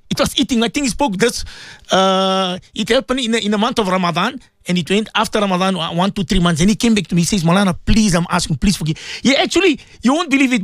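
High-voiced man preaching on radio. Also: no room sound, studio quality. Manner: storytelling, repeats phrases, mixes in Urdu and Arabic terms; emphatic, preaching exhortation. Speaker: radio presenter and imam. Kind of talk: radio talk with Islamic advice.

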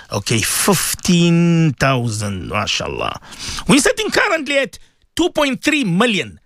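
A man hosting live radio, his pitch leaping about with lively energy as he preaches warmly to his listeners. His voice sits fairly high for a man, and the studio sound is close and dry. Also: no room sound. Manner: warm, preachy, animated, addresses listeners often. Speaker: radio host. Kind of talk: casual live radio talk.

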